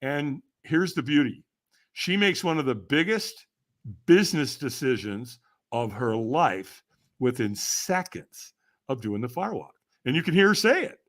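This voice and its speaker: An older man, a podcast guest, telling stories in a casual interview, animated and often laughing as he talks. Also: mid-range voice, unhurried.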